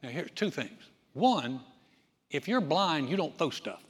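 Animated preaching man in an echoey hall. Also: a little high, unhurried, breathy edge. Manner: animated, acts out voices with shouts. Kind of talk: sermon.

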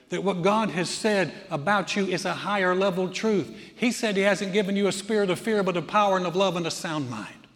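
A pastor in full sermon mode, his high voice carrying through a large hall with a long reverb tail. He preaches with animation, leaning hard on repeated phrases to drive each point home. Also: fairly bright tone.

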